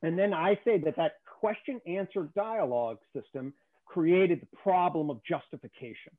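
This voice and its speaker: A man's voice: fairly high pitch, normal speed. A man as a guest explaining a theory in conversation, emphatic and often checking in with "okay?". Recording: tinny phone-like call audio.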